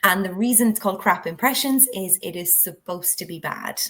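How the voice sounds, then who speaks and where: A woman's voice: mid-range voice, a little fast, fairly bright tone, slight background noise. Woman explaining a drama classroom game. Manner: instructive, walks through steps with examples. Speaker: drama education trainer. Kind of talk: explanatory conversation.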